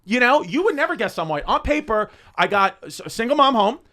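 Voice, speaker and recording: A man doing a self-mocking comic bit on a podcast, halting with fillers and repeats. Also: extremely high pitch, very animated, sharp tone. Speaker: comedian guest on a podcast. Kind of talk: comic bit riffing on himself.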